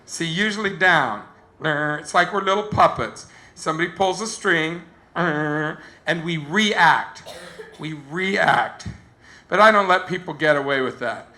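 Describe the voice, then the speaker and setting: A man giving an animated storytelling talk to teenagers, quoting other people in a softer voice. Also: on the high side, normal speed. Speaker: youth speaker.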